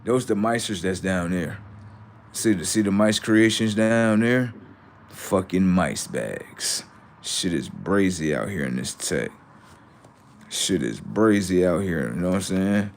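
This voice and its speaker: A man hosting a livestream, rambling and cursing as he taunts his viewers, dropping to low mutters and then rising into loud, drawn-out jabs. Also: lively intonation, slight background noise. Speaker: livestream host. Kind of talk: casual livestream talk to chat.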